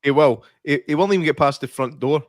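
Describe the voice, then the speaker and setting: A man's voice: fairly high pitch, fast, no room sound, clean studio sound. A man with a Scottish accent, co-hosting a casual watch-along podcast and telling jokey stories that he laughs at himself. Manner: jokey storyteller, laughs at his own tales. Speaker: podcast co-host.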